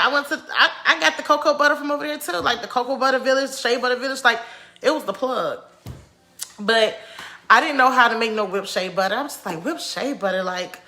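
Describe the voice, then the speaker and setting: A woman's voice: mid-range voice, bright, forceful tone. A woman who runs a small business tells how she started it, in a chatty way and acting out things she once said. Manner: chatty, acts out her own past remarks. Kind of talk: casual vlog storytelling.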